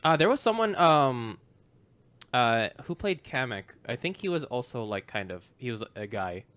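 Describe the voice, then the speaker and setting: Animated bright-voiced man chatting casually. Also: mid-range voice, no echo. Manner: animated, swearing, breaks into quick voice impressions. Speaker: podcast co-host. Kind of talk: casual film review chat.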